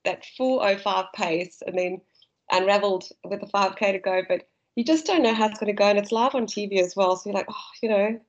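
A woman's voice: mid-range voice, a little fast, lo-fi sound. Chatty South African woman, laughing storyteller. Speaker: guest runner. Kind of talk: casual podcast chat.

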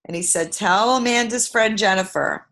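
A woman from Brooklyn, New York, telling a personal story as an interview guest, shifting from loud emphasis to hushed asides. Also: mid-range voice, moderate pace. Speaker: guest, author.

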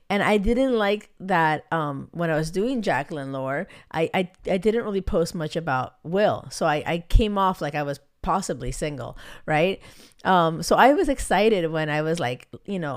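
A young adult woman hosting a casual solo podcast as a dating coach. She gives frank, encouraging advice in a chatty, animated way, full of "like" and fillers. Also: on the low side. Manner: chatty and animated, heavy use of "like" and filler words.

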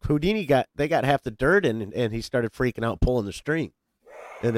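A man co-hosting a podcast, rambling through a story with lots of cursing and bursts of excitement. His mid-pitched voice is smooth and clear. It is recorded close, with a dry sound. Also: dry recording. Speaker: podcast co-host. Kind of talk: casual chat.

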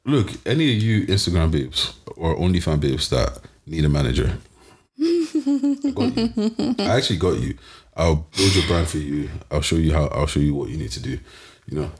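A man's voice: a bass voice, expressive, a little fast. A young man co-hosting a casual podcast chat, laid-back and rambling, with lots of restarts and slang. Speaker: podcast co-host.

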